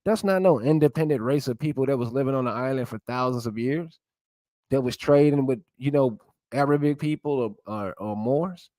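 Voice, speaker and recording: A man's voice: medium pitch, moderate pace, warm tone, no echo. A man giving casual, blunt commentary while reading a text aloud, with an opinionated tone and the odd swear word. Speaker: vlogger.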